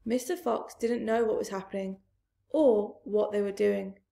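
A woman reading a children's storybook aloud, slowly and expressively, dropping into hushed asides. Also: mid-range voice, fairly even intonation, gravelly. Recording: roomy echoey room.

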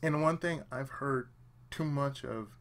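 A man's voice: medium pitch, measured pace, a bit bright. A man hosting a let's play channel, giving earnest, emphatic advice in casual talk and often repeating himself for emphasis. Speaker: let's play host, aspiring voice actor.

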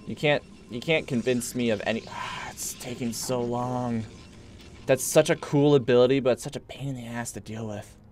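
A man's voice: mid-range voice, moderate pace, slight background noise. A man streaming a strategy game, joking and barking orders at his units with playful mock belligerence. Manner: giggly and excitable, mock-belligerent. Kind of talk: live gameplay commentary.

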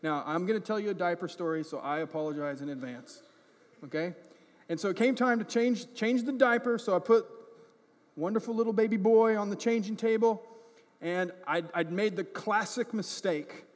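In a reverberant church sanctuary, a high-pitched male pastor who is an adult parent gives a chatty sermon with personal storytelling at a normal speed. He frequently adds "right?" and "okay?" asides, jokes at his own expense, and becomes animated in the funny parts, with church hall reverb on the recording.

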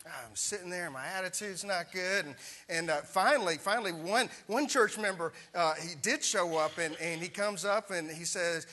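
A middle-aged man preaching to his congregation, his voice a little high and very bright. He talks in a loose, chatty storytelling way, turning to the listeners with questions. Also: brisk, few pauses. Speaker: pastor. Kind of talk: sermon.

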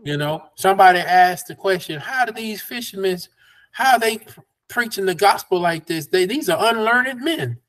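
High-voiced pastor teaching Bible study. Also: male voice, animated, normal speed, fairly bright tone. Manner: preacherly, folksy, laughs between points. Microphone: video call.

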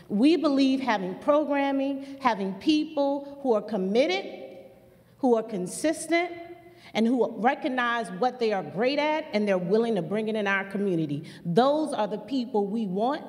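Woman, community leader talking to a crowd, earnest and repeats herself for punch, kinda high voice, big echoey hall. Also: animated, normal speed, a little mellow. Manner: earnest, repetitive, preacher-like emphasis. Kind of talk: impassioned public remarks. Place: museum auditorium. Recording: long hall reverb.

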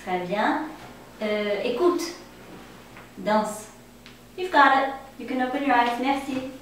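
A woman teaching a class, speaking slowly and encouragingly and repeating words for her learners. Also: high-pitched, expressive, fairly bright tone. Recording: echoey room, distant mic, faint noise.

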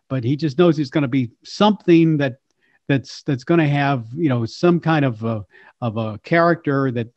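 An older man, a voice actor, telling stories in an interview in a lively way and slipping into character voices. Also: fairly high pitch, no echo. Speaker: voice actor and impressionist guest. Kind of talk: animated storytelling interview. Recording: dull lo-fi sound, dry.

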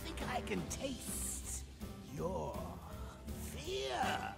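A man's voice: very high-pitched, huge pitch swings, very slow, vocal fry, full character voice. An actor playing a manic male clown villain who sings gleeful, cackling taunts in a video game song. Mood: taunting song. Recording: loud backing music.

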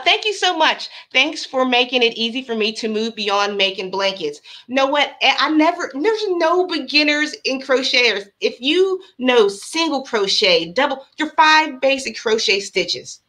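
A woman's voice: on the high side, a bit bright. A woman hosting a crochet livestream, chatting casually and bubbly with her viewers and reading out patterns.

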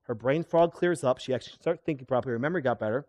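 A middle-aged man, a chiropractor, giving a lively seminar talk and quizzing his audience with questions. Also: mid-range voice, rapid-fire. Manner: animated, asks the audience questions. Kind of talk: live seminar lecture to an audience.

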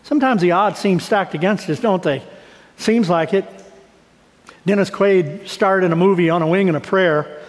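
In a church sanctuary, a middle-aged pastor preaches a sermon, speaking conversationally before rising into emphatic, raised passages. His voice is high and his speed normal, and the recording carries the long reverb of a church hall.

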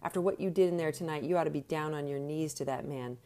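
A woman's voice: sits low, quick pace, dark tone. Woman voicing a growling, scolding trainer. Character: gruff man, boxing trainer, harsh and scolding.

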